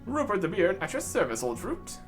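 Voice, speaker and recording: A man's voice: high voice, wildly swooping pitch, fairly quick, soft background music. Man as a pompous bearded old dwarf, plummy old-fashioned posh diction, sing-song delivery. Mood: jolly.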